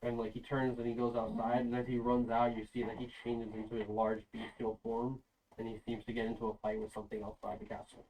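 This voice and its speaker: A man's voice: mid-range voice, monotone, fairly quick, darkish tone. A man running a tabletop game as game master, narrating in a loose, rambling way. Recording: voice sounding far from the mic.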